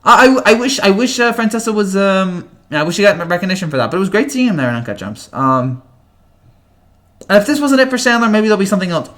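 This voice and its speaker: Hosting a laid-back livestream, this young man in his twenties reads out viewer comments and rambles through the chat with lots of fillers and stammered restarts. His voice is high, expressive, fast, and fairly bright.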